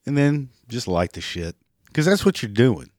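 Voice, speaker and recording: A hoarse man with a raspy voice, giving sarcastic, profane commentary and mocking the people he talks about. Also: mid-range voice, very animated, normal speed, darkish tone, no room sound, clean studio sound. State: hoarse, clearing throat and coughing. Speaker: commentary vlogger. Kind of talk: ranting commentary.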